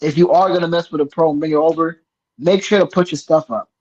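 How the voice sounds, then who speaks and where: A man with a slightly high voice gives advice in a loose podcast chat. He restarts his sentences often, and the audio sounds a bit dull and lo-fi. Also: fairly even intonation, quick pace, a little mellow. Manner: chatty advice-giving with many restarts.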